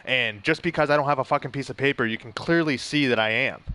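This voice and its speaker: A man casually telling a personal story in a relaxed conversation, acting out what others said. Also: medium pitch, quick pace. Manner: animated storyteller, mimics others in quotes.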